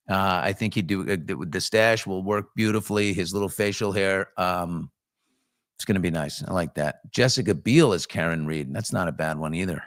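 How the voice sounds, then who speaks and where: Chatty low-voiced man hosting a show. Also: no room sound, studio quality. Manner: chatty, off-the-cuff, frequent ums and restarts. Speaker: host. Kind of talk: casual morning chat reading viewer comments.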